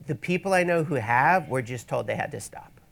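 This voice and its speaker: Gravelly-voiced man giving a casual photo talk. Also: medium pitch, expressive, brisk, fairly bright tone. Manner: wry, rambling asides. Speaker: photography workshop presenter. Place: event space, in front of an audience.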